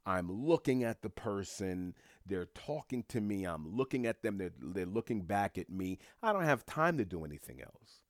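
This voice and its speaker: A man's voice: sits low, very animated, moderate pace, few pauses, no echo, studio quality. A man hosting a podcast episode, talking casually and earnestly to his listeners, often restarting and repeating words. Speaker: podcast host. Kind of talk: casual monologue.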